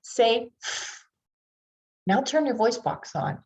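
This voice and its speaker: A woman's voice: on the high side, expressive, slow, a little mellow. Pittsburgh woman teaching phonics. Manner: demonstrates sounds, coaches the audience to repeat. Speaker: reading specialist and instructor. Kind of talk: tutor training lecture. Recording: dull lo-fi online session audio.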